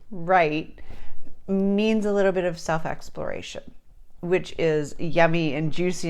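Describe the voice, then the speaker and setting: A woman talking casually to camera as a book writing coach, chatty and earnest, with fillers and restarts. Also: lowish voice.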